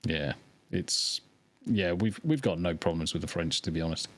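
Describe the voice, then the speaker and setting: A man's voice: low voice, moderate pace, no echo. A man from England with a mixed English accent, a guest chatting casually on a podcast and telling stories animatedly.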